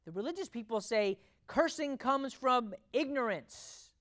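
A preacher addressing a congregation in a sermon, voice sitting in a middle pitch. The delivery is emphatic, full of rhetorical questions, dropping to near-hushed lines and rising again. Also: animated, unhurried. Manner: emphatic, rhetorical questions, swings between loud and quiet. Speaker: pastor.

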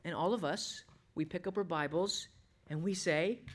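A pastor preaching a sermon in an animated way, asking the congregation rhetorical questions and dropping low and soft when reading scripture. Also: normal speed.

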